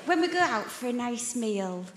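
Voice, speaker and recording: A woman doing stand-up comedy on a theatre stage, telling deadpan anecdotes about her partner. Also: a little high, normal speed. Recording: echoey theatre hall with crowd noise.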